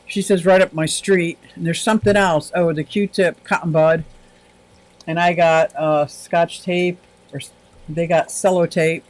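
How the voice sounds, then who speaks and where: A man's voice: high-pitched, poor audio. A man hosting a casual aquarium livestream, chatting and rambling as he reads viewer comments and laughs often.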